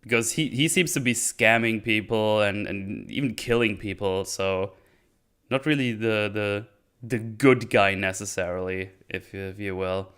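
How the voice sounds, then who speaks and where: Male streamer, low-pitched and smooth, rambling and unhurried commentary. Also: a bit bright. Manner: rambling, hesitant, thinks aloud. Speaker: streamer reviewing a TV show. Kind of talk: casual livestream commentary.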